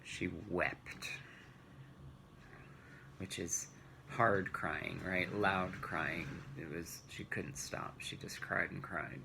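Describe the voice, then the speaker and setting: A man teaching a children's Bible lesson, retelling the story gently and asking rhetorical questions. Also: low voice, steady tone, slow pace, vocal fry, background noise.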